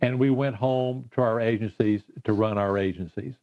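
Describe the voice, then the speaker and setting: An older man recounting past events in a measured way during an oral history interview. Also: fairly low pitch, fairly even intonation. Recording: muffled lo-fi recording.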